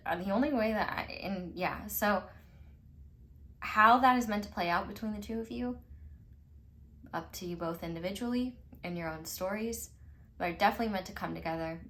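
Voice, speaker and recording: A woman's voice: fairly low pitch, steady tone, brisk, fairly bright tone. Chatty woman giving a tarot reading. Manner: chatty and emphatic, with frequent "like" and casual swearing; laughs often between remarks. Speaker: tarot reader. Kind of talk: casual pick-a-card tarot reading.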